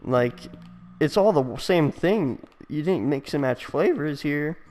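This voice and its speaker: A man's voice: a little high, lively intonation, measured pace, a little mellow. A young man hosting a game let's play, rambling and joking in casual chat, with lots of fillers. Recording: long echoey reverb.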